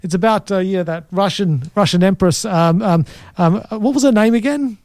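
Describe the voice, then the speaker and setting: Aussie guy cohost, highish voice, rambling jokey chat. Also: darkish tone, dry recording, clean studio sound. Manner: joking, rambling, halting. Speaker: radio co-host. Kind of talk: casual chat.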